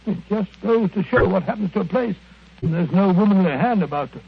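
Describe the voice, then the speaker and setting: An actor playing a genial, earnest doctor companion who talks with a flustered, hesitant manner, in 1940s radio acting style. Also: male voice, high voice, animated, a little fast, vocal fry, slightly rough, heavily acted. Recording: tinny narrow-band old radio recording.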